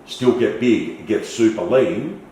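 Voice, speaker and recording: A man's voice: on the low side, takes it slowly, recorded from a distance, slight background noise. Chatty man, echoey room. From Australia. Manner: animated, swearing, storytelling with acted quotes. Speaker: podcast guest. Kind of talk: casual storytelling interview.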